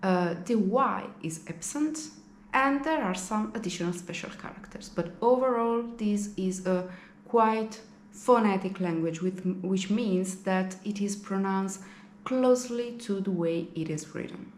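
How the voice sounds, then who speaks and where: Slow-speaking woman explaining languages. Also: medium pitch, slight background noise. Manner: friendly, explanatory, rhetorical questions. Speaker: language video host. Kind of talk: educational talk to camera. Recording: echoey room with faint ambience.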